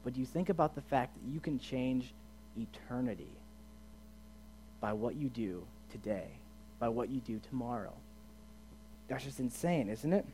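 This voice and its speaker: A man giving a casual sermon as a youth pastor, chatty and asking his listeners questions, swinging from quiet to loud and emphatic. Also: mid-range voice, expressive, moderate pace, long pauses, slight background noise. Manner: chatty, asks the audience questions.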